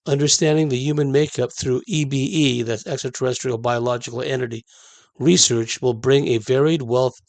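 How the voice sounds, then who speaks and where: A man reading a report aloud in a measured way, breaking off for chatty asides. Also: medium pitch, gravelly, darkish tone, no echo. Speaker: commentator reading a document.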